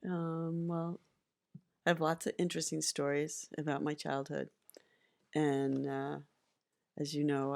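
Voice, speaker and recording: Woman, middle-aged, low flat voice, gravelly, soft-spoken, halting. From Massachusetts. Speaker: interviewee, interviewer's mother. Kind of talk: casual home interview, storytelling.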